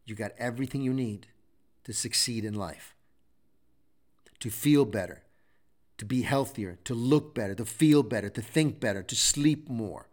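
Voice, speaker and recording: A man's voice: medium pitch, moderate pace, long pauses, a little mellow. A middle-aged man hosting a show, giving a preachy motivational talk full of repeated exhortations. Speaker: show host.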